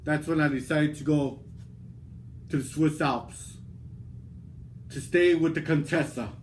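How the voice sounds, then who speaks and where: A man delivering a theatrical wrestling promo in a boastful, drawn-out, dramatic way. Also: a little high, fairly even intonation, slight background noise.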